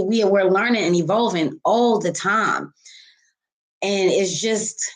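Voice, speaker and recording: A woman tarot reader giving a casual spiritual talk to her viewers, candid and profane, calling them baby and honey. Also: mid-range voice.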